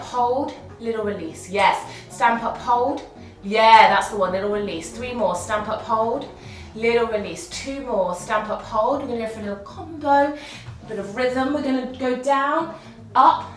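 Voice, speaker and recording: A woman leading a guided workout class, encouraging and counting reps aloud, a little out of breath. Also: fairly high pitch. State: slightly out of breath. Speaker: fitness instructor. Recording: roomy, from far off, faint music.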